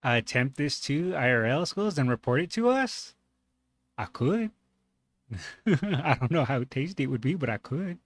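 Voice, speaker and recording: Man, reaction host, relaxed casual commentary, laughs easily, mid pitch, dry close sound. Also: a little slow, no echo.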